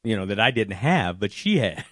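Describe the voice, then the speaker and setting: A man telling a personal faith testimony, animated and acting out his own worried words. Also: fairly low pitch, normal speed, dry recording. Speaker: testimony speaker.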